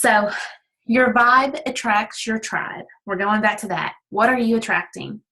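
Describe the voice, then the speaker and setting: A woman's voice: a little high, a little slow, pushed and bright, low-quality recording. A woman team leader giving a folksy, encouraging motivational talk, candid and self-deprecating, often checking in with "okay?".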